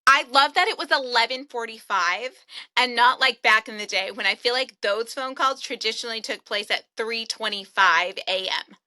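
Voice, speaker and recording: A woman co-hosting a podcast, chiming in with quick reactions during casual chat. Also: a little high, sharp tone. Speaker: podcast co-host.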